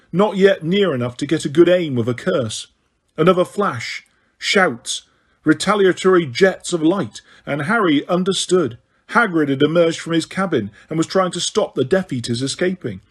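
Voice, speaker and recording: A man reads a fantasy novel aloud as an audiobook, in a steady storytelling voice that now and then trips over a word. His tone sits a little high and sounds husky. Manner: steady storytelling with occasional stumbles. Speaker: audiobook narrator. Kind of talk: audiobook narration.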